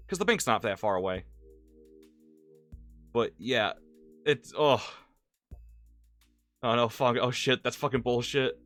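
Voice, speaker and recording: A man with a bright, forceful voice talks casually over a gaming stream. He rambles, restarts his sentences and curses freely, at a middling pitch, with faint game music behind him. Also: unhurried, long pauses, no echo. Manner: animated, rambling with restarts and frequent cursing.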